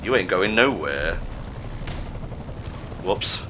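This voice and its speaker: A man playing a video game while making sarcastic, deadpan jokes, swearing freely. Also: low voice, extremely slow, noisy background. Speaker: player in a gameplay video. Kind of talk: casual gaming commentary.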